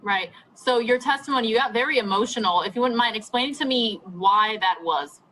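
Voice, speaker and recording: Bright-voiced woman news host. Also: fairly high pitch, a little fast, a little hiss or hum, low-quality recording. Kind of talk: TV news interview questions.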